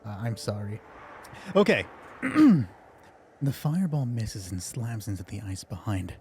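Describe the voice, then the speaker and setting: A man's voice: lowish voice, big pitch swings, unhurried, a little mellow, slight background noise. Jokey, nervous male game master. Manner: joking, self-mocking and chatty. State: a little nervous. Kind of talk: narrating a tabletop game on a live stream. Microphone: headphones on, streaming from home.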